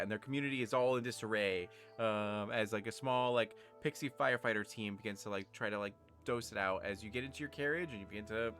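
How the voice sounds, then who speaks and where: Rambling man narrating as game master. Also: fairly low pitch. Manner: relaxed, rambling narration full of fillers. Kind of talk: narrating a tabletop game on a livestream.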